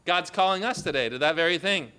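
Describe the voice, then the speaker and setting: A man preaching a sermon earnestly, quoting scripture and voicing the Lord's words in a lower, softer tone. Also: expressive, fast, clean tone.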